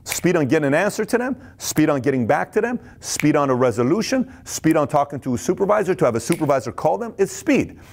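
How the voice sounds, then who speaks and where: A man giving an intense, high-energy business talk, who acts out little scenes of dialogue and sometimes stammers and repeats words. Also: big pitch swings, quick pace, gravelly, hardly any pauses, a little mellow. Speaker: business speaker.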